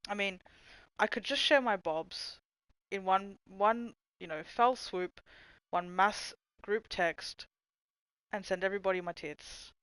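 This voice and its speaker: A young woman hosting a livestream, chatting casually with viewers in a low voice that people mistake for a man's, swearing and laughing often. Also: slow pace, fairly bright tone, smooth, no echo, poor audio. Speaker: livestream host. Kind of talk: casual chat reading stream comments.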